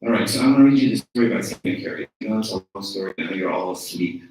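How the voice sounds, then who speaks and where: A man's voice: sits low, animated, fast talker, a little mellow, recorded from a distance. A man giving a conversational sermon as an archdeacon, engaging the congregation with frequent rhetorical questions. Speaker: archdeacon preaching. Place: church. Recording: very echoey church from afar.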